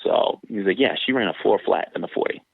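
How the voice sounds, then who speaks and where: A man's voice: fast, vocal fry, husky, no room sound, narrow, tinny audio. A former sprinter telling stories casually in an interview, acting out the people he quotes. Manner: animated, acts out quoted voices with big pitch jumps.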